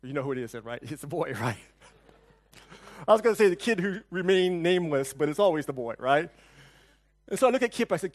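A male pastor giving a conversational sermon, telling stories, asking the congregation questions, and swinging between soft and loud. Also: on the high side, big pitch swings, brisk, pauses often. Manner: storytelling, asks the congregation questions.

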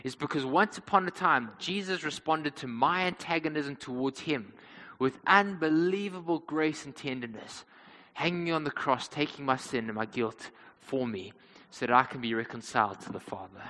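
A man's voice: fairly high pitch, moderate pace, pushed and bright, long reverb tail, rough recording. A man preaching a sermon, telling a story in an earnest way and calling his listeners friends.

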